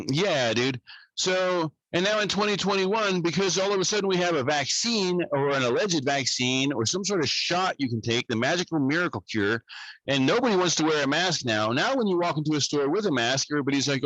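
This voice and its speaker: A man telling a story in a casual podcast chat, animated and swearing freely as he rants. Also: fairly high pitch, fairly quick, no room sound, rough recording. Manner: animated, profane, ranting. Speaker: podcast co-host.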